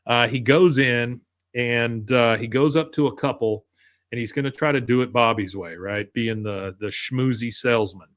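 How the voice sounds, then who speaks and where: Dude rambling through an episode recap, lots of ums and uhs, medium voice. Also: male voice, medium pitch, fairly even intonation, normal speed, a bit bright, dry recording, studio quality. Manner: rambling, loose narration with many fillers. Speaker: podcast host. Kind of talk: casual plot recap.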